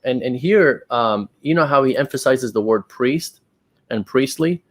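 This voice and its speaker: A man hosting a casual discussion, reading passages aloud and pushing back on them with exasperated emphasis. His voice sits at a middle pitch. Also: animated, measured pace. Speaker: channel host.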